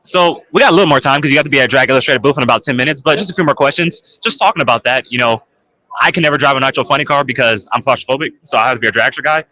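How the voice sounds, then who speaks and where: A man's voice: mid-range voice, very fast, bright, forceful tone. A man hosting a live interview and asking a racer about his first runs. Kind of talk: live trade show interview.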